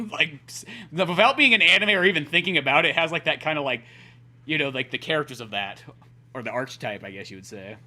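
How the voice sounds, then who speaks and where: Bright, animated podcast co-host man. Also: on the high side, a little fast. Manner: animated, profane, laughs often. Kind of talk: casual movie discussion.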